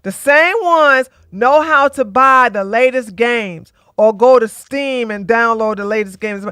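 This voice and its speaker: A woman's voice: fairly high pitch, unhurried, a bit bright, smooth, no echo, studio quality. A woman in her forties hosting a livestream, blunt and joking as she comments and tells stories. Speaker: livestream host. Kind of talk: casual commentary and storytelling.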